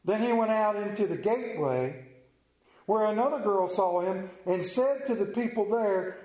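A man preaching, reading a Bible passage aloud slowly and with emphasis. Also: high voice, lively intonation, a little mellow, roomy sound, rough recording. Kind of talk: scripture reading in a sermon.

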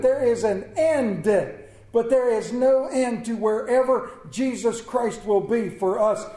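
Man, sermon, earnest, repeats key words, hushed drops, high-pitched, roomy echo. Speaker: preacher.

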